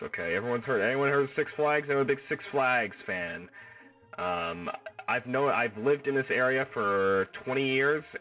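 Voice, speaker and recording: A man hosting a livestream, chatting casually with his viewers in an excitable, rambling way and riffing on the same joke over and over, his voice stuffed up and hoarse. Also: lowish voice, recorded from a distance. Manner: excitable, rambling, riffs and repeats himself. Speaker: livestream host. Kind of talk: casual chat with live viewers.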